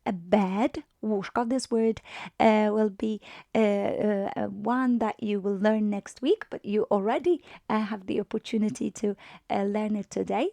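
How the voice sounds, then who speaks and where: A woman's voice: medium pitch, gravelly, no room sound. A woman teaching a beginner lesson, explaining step by step with many fillers and often checking in with "right?". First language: Polish. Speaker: language teacher. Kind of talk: online language lesson.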